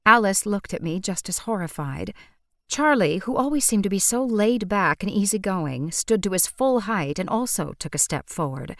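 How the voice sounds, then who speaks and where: A woman narrating an audiobook in a measured, wry way. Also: medium pitch, animated, no echo, studio quality. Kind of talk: scripted narration.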